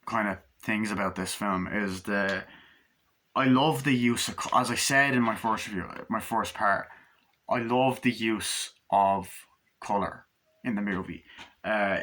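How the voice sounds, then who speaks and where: A man's voice: on the low side, unhurried, bright, forceful tone. Breathless man rambling through a movie review. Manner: rambling, profane, acts out scenes in loose paraphrase. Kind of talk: casual spoken movie review.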